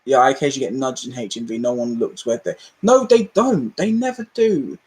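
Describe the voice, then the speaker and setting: A man's voice: mid-range voice, expressive, fairly quick. A man with a British accent hosting a live stream, ranting casually, laughing often and acting out the people in his stories. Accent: British English.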